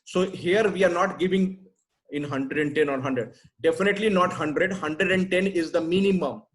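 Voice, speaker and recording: A man's voice: high voice, moderate pace, poor audio. A man answering questions in a webinar, blunt and emphatic, often ending with "right?". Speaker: sales trainer answering questions.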